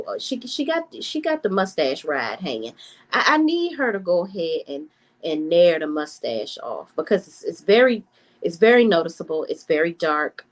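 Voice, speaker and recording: Female vlogger doing casual reality-TV commentary, blunt and sassy, lively pitch. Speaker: reality TV reviewer.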